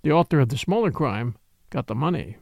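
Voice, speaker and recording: A man voicing a small, earnest older priest who speaks gravely and pleads intensely. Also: medium pitch, lively intonation, fairly quick, a little mellow, no echo, clean studio sound, voice pushed down.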